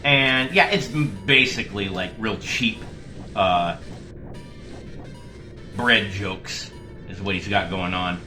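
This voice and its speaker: A man hosting his gaming channel rambles casually between jokes as he plays, with faint game music in the background. His lowish voice sounds pushed and bright, and he takes it slowly with long pauses.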